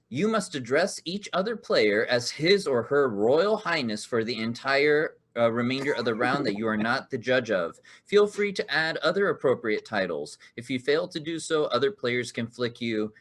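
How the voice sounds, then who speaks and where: A man's voice: medium pitch, big pitch swings, moderate pace, hardly any pauses, fairly bright tone. A man hosting an online improv comedy card game, upbeat and laughing often as he reads out the rules. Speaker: game show host.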